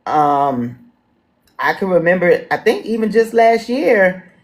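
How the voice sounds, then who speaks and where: A woman's voice: lowish voice, sing-song, slow pace. A woman with a Washington D.C. accent moderating a livestream town hall, chatting folksy and casual with viewers. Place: home in Washington D.C.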